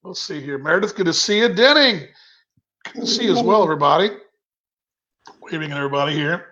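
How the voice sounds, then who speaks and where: Man, high-pitched voice, chatty rambling host, home kitchen, muffled lo-fi video call sound. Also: animated, quick pace, bright, forceful tone. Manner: chatty, rambling, reads viewer comments aloud. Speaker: host of a virtual happy hour. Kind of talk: casual chat on a video call. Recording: dull lo-fi video call audio.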